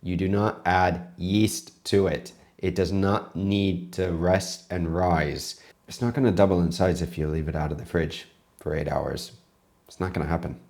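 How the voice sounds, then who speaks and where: Deep-voiced American chef explaining. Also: male voice, steady tone, creaky, a little mellow, a little hiss or hum. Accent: American West Coast. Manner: deliberate, explanatory, mildly scolding. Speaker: chef reacting to a video. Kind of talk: reaction commentary.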